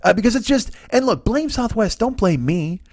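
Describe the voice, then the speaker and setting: A man's voice: high-pitched, expressive, normal speed, darkish tone, dry recording, studio quality. A man in his forties, a comedian hosting his own podcast, ranting through a profane comedic monologue. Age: 40s. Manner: ranting, heavy swearing.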